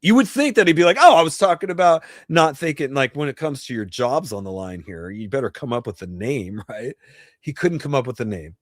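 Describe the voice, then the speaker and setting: A man's voice: medium pitch, very animated, a little fast, no echo, studio quality. A man in his fifties, originally from New Jersey, hosting a casual live Q&A stream. He talks bluntly and profanely, rambling with frequent restarts. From New Jersey, USA. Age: 50s. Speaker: host. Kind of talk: casual livestream Q&A chat. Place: home livestream setup.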